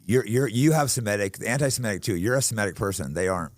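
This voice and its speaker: A man's voice: fairly low pitch, expressive, quick pace, no echo. A man hosting a podcast in a studio, talking bluntly and heatedly in casual conversation. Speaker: podcast host.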